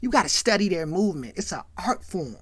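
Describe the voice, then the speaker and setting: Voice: medium pitch, very animated, fast, husky, no room sound. A narrator doing a cocky ladies' man. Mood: boastful. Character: smooth womanizing man, confident.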